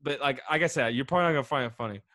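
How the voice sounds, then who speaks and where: A man's voice: mid-range voice, rapid-fire, pushed and bright, no room sound, studio quality. A young man co-hosting a podcast, rambling casually with many fillers. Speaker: podcast co-host. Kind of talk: casual chat.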